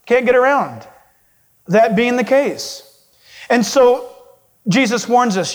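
A male pastor preaching a sermon in an emphatic way, swinging his pitch for stress. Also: expressive, slow pace.

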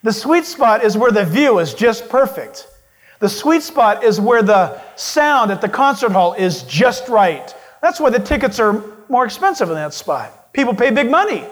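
A male pastor preaching a sermon in an emphatic way, swinging his pitch for stress. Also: big pitch swings, normal speed.

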